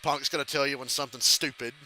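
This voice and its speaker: A man chatting casually during a live reaction stream, swearing freely while telling animated backstage stories and calling a race. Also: medium pitch, fast, slight background noise. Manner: profane animated storytelling. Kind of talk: casual chat with friend.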